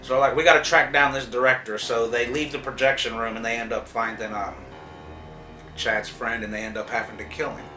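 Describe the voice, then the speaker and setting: A man recaps a TV episode with spoilers in a mid-range voice, flat, sharp-toned, and a little fast. His loose retelling is full of swearing, "like," and "uh," recorded with roomy echo, a distant mic, and faint music.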